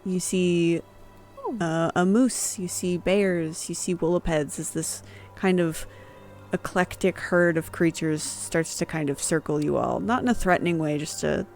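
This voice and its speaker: A game master calmly narrating scenes in a tabletop game, with some fillers. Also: mid-range voice, a little slow, creaky, soft background music. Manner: calm descriptive narration with fillers.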